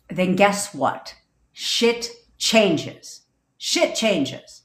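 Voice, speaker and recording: A woman's voice: mid-range voice, expressive, unhurried, a bit bright. Woman coach going off on a live, blunt, swears a lot, talks into her phone, echoey room. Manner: blunt, profane, emphatic. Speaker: manifestation coach. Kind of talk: livestream rant. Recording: roomy echo.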